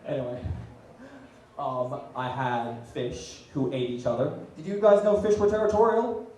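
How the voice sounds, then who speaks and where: A young man doing a stand-up comedy set, dropping deadpan asides and loud punchlines. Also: mid-range voice, unhurried, distant mic. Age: young adult. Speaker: student stand-up comic. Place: small comedy venue, audience laughing. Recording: very echoey room, heard from afar.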